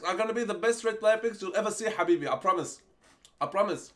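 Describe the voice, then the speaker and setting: A man's voice: sits high, fast. Hyped young man streaming game packs. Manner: excitable, swears freely, hyped and pleading. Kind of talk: casual live-stream chat while opening game packs.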